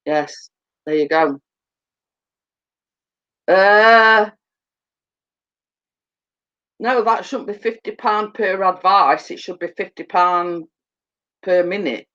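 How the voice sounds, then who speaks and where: A woman's voice: medium pitch, takes it slowly, pauses often, sharp tone. A woman chatting casually with viewers on a live stream, telling funny stories and laughing often. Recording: dull lo-fi sound.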